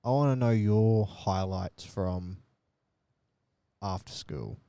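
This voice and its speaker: A young man interviewing a friend in casual chat, talking haltingly with restarts. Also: fairly low pitch, warm tone, clear, resonant tone, no echo. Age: young adult. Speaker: podcast interviewer.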